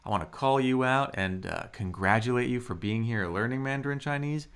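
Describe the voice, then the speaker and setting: A man teaching Mandarin in a live online lesson. He draws out model words slowly and chats with viewers. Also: a bit bright, clean tone. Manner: slow, drawn-out model pronunciations with swooping pitch; friendly, chatty asides to viewers.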